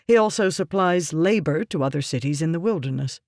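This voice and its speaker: Voicing a scheming, ruthless merchant in an audiobook, the reader sounds dismissive, curt, and condescendingly lecturing. His natural voice is medium in pitch, expressive, fairly quick, and darkish, captured in clean studio quality without echo.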